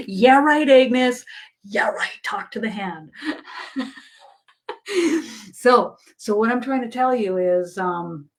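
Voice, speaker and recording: A woman working as a psychic medium, talking casually on a livestream with lots of fillers and easy laughter. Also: mid-range voice. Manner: chatty, laughs often, many fillers.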